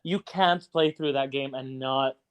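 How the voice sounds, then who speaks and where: A man's voice: mid-range voice, steady tone, a little slow, clear, resonant tone. A young man co-hosting a podcast, chatting casually and chiming in with short agreements. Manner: brief, agreeable interjections. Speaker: podcast co-host. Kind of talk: casual chat.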